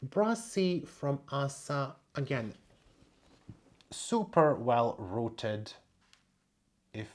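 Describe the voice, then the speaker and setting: A plant vlogger talks casually at home, wandering from thought to thought while showing plants one by one. The voice sits at a middle pitch, neither high nor low. The tone stays chatty and unpolished. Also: a little mellow. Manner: chatty, meandering, thinking aloud. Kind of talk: casual show-and-tell vlog.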